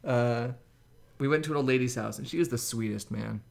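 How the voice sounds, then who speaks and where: Fast-talking animated male storyteller. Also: medium pitch, gravelly. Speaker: podcast co-host. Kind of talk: casual storytelling chat.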